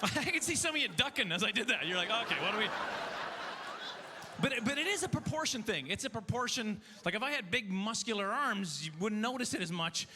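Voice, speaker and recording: A man doing a stand-up comedy set on stage, telling self-mocking stories in an animated way. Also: high-pitched, quick pace, few pauses, background noise. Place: comedy festival stage before a live audience.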